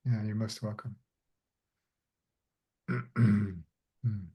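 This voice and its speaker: A middle-aged man facilitating a coaching session, speaking softly and haltingly with many fillers. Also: fairly low pitch, fairly even intonation. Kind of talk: reflective group discussion.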